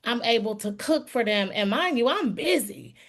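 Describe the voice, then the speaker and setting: Earnest middle-aged woman with a slightly high voice. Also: animated, normal speed. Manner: earnest, folksy, addresses listeners as "y'all". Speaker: guest speaker giving a testimonial. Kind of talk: heartfelt testimonial.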